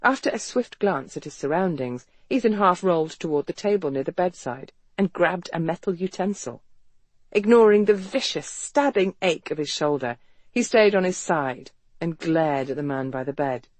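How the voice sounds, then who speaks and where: Audiobook narrator reading a romance, pitch moves a lot, dry close mic. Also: moderate pace, no echo. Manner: even storytelling read with lively pitch. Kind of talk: scripted romance novel narration.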